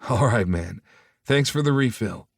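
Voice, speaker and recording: A man's voice: medium pitch, expressive, unhurried, gravelly, no room sound, clean studio sound, pitched above the performer's own voice. A man voicing an easygoing groom-to-be who talks in a friendly, light way. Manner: friendly, chuckling.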